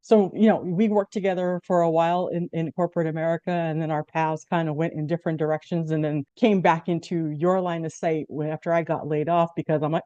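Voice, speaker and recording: A woman in her fifties chats as host, her voice low and mellow. She tells her stories with animated, acted-out quotes. The sound is dry and a little dull. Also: brisk, hardly any pauses, no echo. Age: 50s. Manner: animated storyteller, acts out quotes. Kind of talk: casual conversation.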